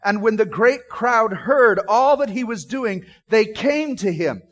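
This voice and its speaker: Man, sermon, Bible teacher, animated, high voice, questioning the listeners. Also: a little slow. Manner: animated, acts out scenes; asks the audience questions.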